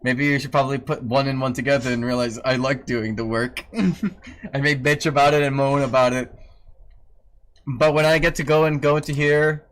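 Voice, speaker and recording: A man's voice: mid-range voice, fairly even intonation, normal speed, fairly bright tone. A man streaming from home, casually teasing his dog and griping about tedious work, swearing freely. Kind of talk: casual live-stream chat.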